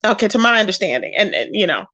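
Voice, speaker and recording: She talks fast in a medium-pitched, fairly bright voice with big pitch swings, and there's no room sound. As a YouTube host of a casual gossip commentary stream, she's sassy and blunt, scolds the people she covers, greets viewers by name, and keeps saying "child, okay?".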